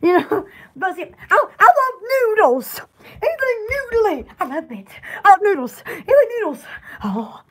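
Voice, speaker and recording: A woman's voice: extremely high pitch, big pitch swings, moderate pace, a bit bright. A woman with a Southern accent chatting casually in a rambling, giggly way, as a store owner on a live stream.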